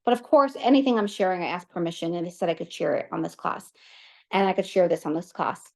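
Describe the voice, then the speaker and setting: A woman in her thirties, hosting an online class and telling a personal story in a lively, chatty way full of asides. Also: fairly low pitch, quick pace. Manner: animated, chatty, many fillers and asides. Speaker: class host.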